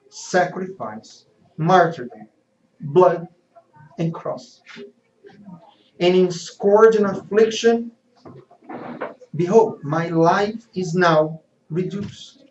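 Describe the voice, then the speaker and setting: A man voicing an anguished, remorseful man who speaks bitterly and loudly, in a slightly dull, echoey recording. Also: fairly high pitch, slight background noise, voice pushed up. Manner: loud, bitter, declamatory.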